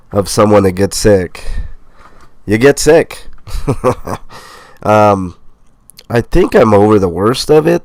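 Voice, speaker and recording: Congested, low-voiced man hosting a livestream. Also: no echo. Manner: relaxed, rambling, with fillers and laughs. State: sick, congested nasal voice. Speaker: host. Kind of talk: casual livestream chat reading comments.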